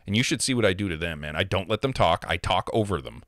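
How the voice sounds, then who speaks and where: A man with a lowish voice rants about online gaming, heated, profane and emphatic. The sound is dry and close, with no room echo. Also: expressive, fast talker, a bit bright. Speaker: gamer. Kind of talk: casual rant.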